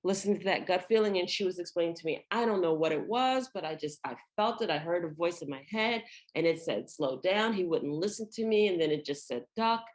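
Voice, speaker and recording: A woman co-hosting a podcast tells stories animatedly in casual conversation, acting out the quoted lines. She talks fast with few pauses, in a fairly low pitch.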